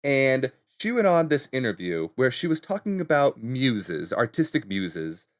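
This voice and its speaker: A man's voice: medium pitch, very animated, measured pace. A man in casual chat on a talk show, explaining internet trends in an upbeat way and laughing often. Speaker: guest internet trends reporter.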